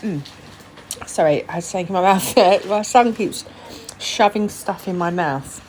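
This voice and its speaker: A woman's voice: fairly low pitch, normal speed, darkish tone, slight background noise. A young woman casually talking through her nail work in a tutorial vlog, chatty and full of little asides and fillers. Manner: chatty, lots of fillers and self-deprecating asides. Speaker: nail tech vlogger.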